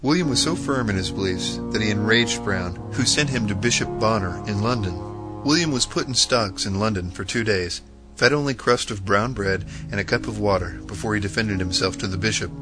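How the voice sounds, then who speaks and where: A man narrating historical martyr stories in an earnest, measured reading. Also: on the low side. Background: faint guitar music.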